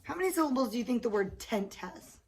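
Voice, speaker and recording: Talking at a quick pace, this woman has a slightly high, expressive voice. She's an elementary school teacher leading a few young kids through a lesson in a classroom, offering frequent praise with patience and encouragement, while children's chatter fills the noisy recording.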